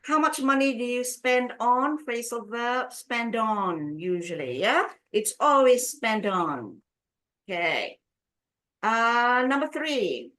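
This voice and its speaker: A woman's voice on the high side, bright and pushed, with lively intonation. Teaching an online business English lesson, she draws out words to model their stress and asks learners questions.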